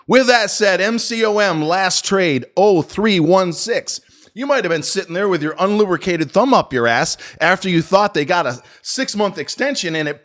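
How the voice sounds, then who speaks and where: A high-voiced stock market commentator rants about stocks in a video, profane and combative. He swings between loud jabs and low, muttered asides.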